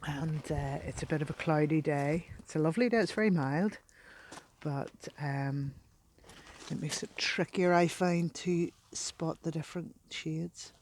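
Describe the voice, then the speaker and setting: A woman talks slowly and gently as she beachcombs, often slipping into soft delighted murmurs and near whispers. She is recorded outdoors by the sea on a camera she carries, with faint noise behind her. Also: deep voice. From Northern Ireland. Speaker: beachcombing vlogger. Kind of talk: casual narration while walking.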